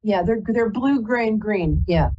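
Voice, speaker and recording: A woman's voice: medium pitch, animated, a little slow, dark tone, muffled recording. A woman hosting a live call-in psychic reading, chatty and rambling, often stopping to apologize. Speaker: psychic reader and host.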